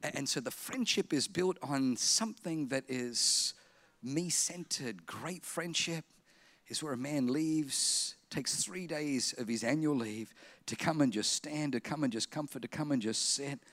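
Bright-voiced emphatic preacher man. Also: medium pitch. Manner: emphatic, repetitive, drops to slow quiet lines for effect. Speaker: pastor. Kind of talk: sermon.

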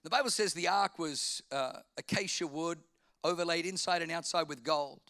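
Man, middle-aged, pastor, sermon, loud-to-hushed swings, bright tone, dry close sound. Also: on the high side, moderate pace, no echo. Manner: preaching with big swings between loud emphasis and hushed asides.

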